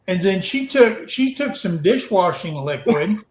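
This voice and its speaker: A man's voice: sits high, big pitch swings, measured pace, few pauses, darkish tone, roomy sound, low-quality recording. A man casually telling a frank, rambling story to a livestream audience, swearing now and then. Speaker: open mic storyteller.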